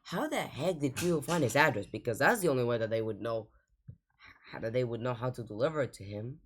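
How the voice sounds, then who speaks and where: A woman's voice: rumbling low, expressive, fast talker, slightly rough. A woman hosting a reaction video, talking casually and rambling in exasperation.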